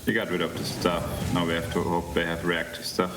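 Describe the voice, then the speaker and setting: A man on a pro team calmly talking through his moves with teammates during a match. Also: low voice, a little fast, background noise. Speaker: pro player. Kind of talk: team strategy discussion.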